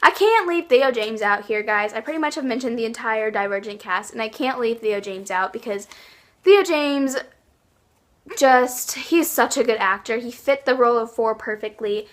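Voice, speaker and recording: A woman's voice: on the high side, normal speed. A young woman chatting casually in a vlog, gushing about her favorites with lots of likes and ums. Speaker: YouTube vlogger.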